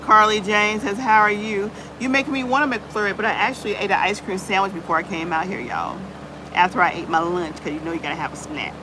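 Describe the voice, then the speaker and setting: A woman's voice: medium pitch, brisk, noisy background. A woman hosting a casual live chat on her channel, greeting viewers by name and peppering her talk with "y'all". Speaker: livestream host.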